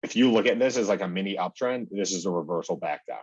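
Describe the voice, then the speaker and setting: Young guy talking thru stock charts, deep husky voice, lots of "like", dull lo-fi mic w/ keyboard clicks. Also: animated, quick pace, darkish tone. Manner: chatty, heavy use of "like" and "okay", acts out his own reactions. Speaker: day trading educator. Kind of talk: casual screen-share chart walkthrough.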